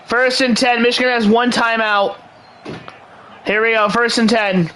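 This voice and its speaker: A young man giving excited play-by-play commentary over a video game in a hyped, mock sports-announcer manner. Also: very high-pitched, measured pace, a little hiss or hum, rough recording. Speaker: gaming channel host.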